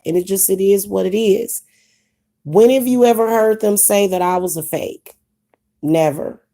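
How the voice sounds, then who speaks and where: Mellow-voiced woman with Kansas City accent. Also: lowish voice. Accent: Kansas City, Missouri. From Kansas City, Missouri. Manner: candid, repetitive, chatty. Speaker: witch vlogger. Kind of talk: casual vlog monologue.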